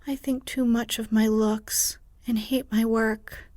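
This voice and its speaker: A woman voicing an earnest teenage girl, the eldest sister, in a soft whisper, as whispered role-play. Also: fairly high pitch, little pitch movement, slow pace, no room sound.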